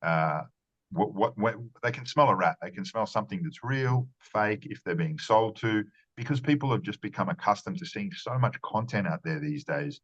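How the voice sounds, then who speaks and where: A man's voice: lowish voice, expressive, normal speed, lo-fi sound. A man giving earnest conversational interview answers as a marketing strategist, often repeating words and restarting phrases.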